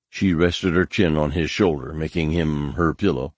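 Male audiobook narrator, deep and measured, dry booth sound. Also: dry recording. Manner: measured, even storytelling.

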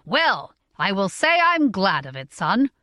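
Woman voicing a merchant father, middle-aged, gruff, blunt, brisk questions, storybook. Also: medium pitch, sing-song, sharp tone, dry recording, studio quality.

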